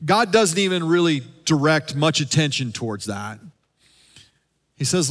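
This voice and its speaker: A man who is a lead pastor, preaching a sermon and dropping at times into a soft, hushed voice for emphasis. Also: medium pitch, normal speed, long reverb tail. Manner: preaching with dramatic drops to a soft hush.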